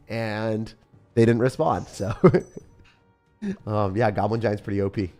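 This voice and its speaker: A young man commentating his own game on a live stream, fast and jokey, chatting to viewers as he plays. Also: lowish voice, darkish tone, faint music behind. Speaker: gaming streamer.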